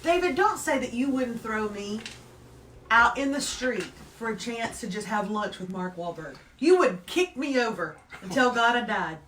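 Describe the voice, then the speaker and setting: A woman's voice: a little high, moderate pace, echoey room, recorded from a distance, a little hiss or hum. Chatty woman hosting a live show. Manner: chatty and animated, reads viewer comments aloud. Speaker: co-host of a morning live show. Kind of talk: casual live-stream chat.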